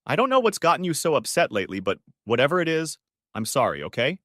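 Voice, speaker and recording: A man's voice: fairly high pitch, sing-song, fast, fairly bright tone, dry recording, pitched above the performer's own voice. Give me a storybook wife with a lilting, raised voice, as a male narrator puts her on. She is scheming and unfaithful, yet sweet and evasive, and her voice rises and falls freely. The reading is dry and close. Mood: placating.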